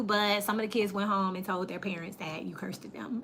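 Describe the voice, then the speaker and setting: A woman's voice: mid-range voice, fairly quick, few pauses. A woman giving a casual tarot reading, talking bluntly and plainly to her viewers. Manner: blunt, plain-spoken, animated storytelling. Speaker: tarot reader.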